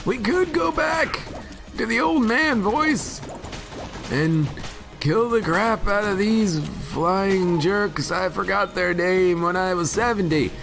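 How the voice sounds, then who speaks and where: A sick man putting on a high, crotchety old man voice while he plays a game. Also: takes it slowly, vocal fry, music in the background, heavily acted. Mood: grumbling. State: sick with a cold.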